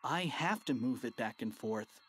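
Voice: mid-range voice, expressive, unhurried, a little hiss or hum, natural voice. An audiobook reader voicing a mischievous young schoolboy prankster, eager and bossy. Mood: scheming. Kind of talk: audiobook character voice.

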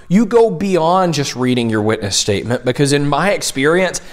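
A man from Tennessee coaching mock trial students in a conversational teaching style, often checking in with "right?". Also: on the high side. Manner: conversational, keeps asking "right?". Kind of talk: instructional video talk.

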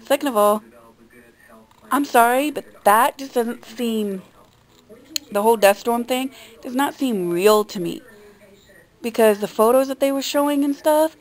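Woman vlogger just talking to the camera, kinda high voice, blunt, swears a lot, rambles. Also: measured pace, pauses often. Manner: chatty, addresses viewers directly. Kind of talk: casual chat to camera.

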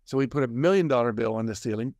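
A man's voice: mid-range voice, quick pace, no room sound, studio quality. An older man, a guest success coach, telling stories in a conversation and acting out the voices of people he quotes. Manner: animated storyteller, acts out quoted voices. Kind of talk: storytelling in a conversation.

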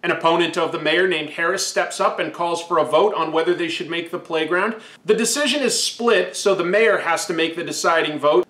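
A man's voice: high voice, bright, forceful tone, roomy sound. A man giving a sarcastic, comedic recap of an old comic book as host. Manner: sarcastic, wry.

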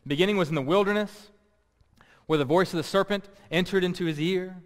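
A man's voice: high voice, a little fast. A man preaching a sermon as pastor, emphatic and repeating key words for stress. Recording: long reverb.

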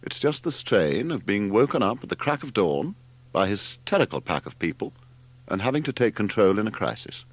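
A man's voice: fairly low pitch, very animated, fairly quick, no room sound. A man reading aloud, voicing a self-important young man who drawls with lofty superiority. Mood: haughty.

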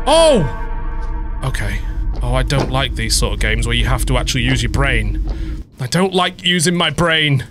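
A man's voice: mid-range voice, very animated, unhurried, pauses often. Young male gamer, panicky horror let's play host, swears a lot and screams, voice leaping all over. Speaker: gaming video host. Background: game music.

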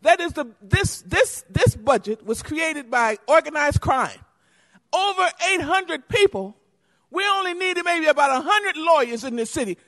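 A woman's voice: sits high, expressive, a little slow, a bit bright. A woman giving a heated, accusatory public comment at a council meeting and talking over interruptions. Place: council chamber. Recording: reverberant hall.

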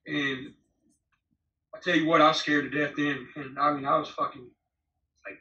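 A man's voice: fairly high pitch, moderate pace, pauses often, bright, forceful tone, slight background noise. A man in his forties, a former prisoner, telling his story in a blunt, profane, rambling way in a candid interview. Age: 40s. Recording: roomy, distant, slightly dull remote audio.

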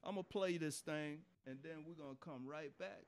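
A man preaching an informal sermon in a folksy, animated way, laughing often and talking straight to his listeners. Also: fairly high pitch, fairly quick, slight background noise.

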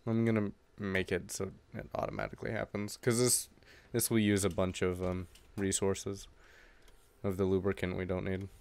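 A man chatting casually with a friend while playing a multiplayer factory game, excitable and quick to banter. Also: low-pitched, gravelly, clear, resonant tone. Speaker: co-host gamer.

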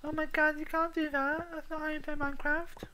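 A man voicing a prissy, scandalized purist in a squealing falsetto. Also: little pitch movement, brisk, pushed and bright, a little hiss or hum, poor audio.

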